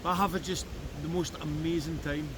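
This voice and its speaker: A Scottish man delivers a jokey running commentary for his metal-detecting vlog, shot outdoors in riverside woods. His voice is slightly high, his tone steady, and his pace brisk. The recording is noisy, with a river flowing in the background.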